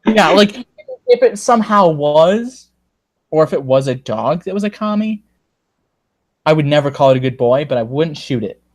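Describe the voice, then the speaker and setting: A man's voice: fairly high pitch, lively intonation, moderate pace. Sarcastic man hosting a livestream. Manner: sarcastic, joking, reads viewer comments aloud. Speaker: livestream host. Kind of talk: casual livestream chat.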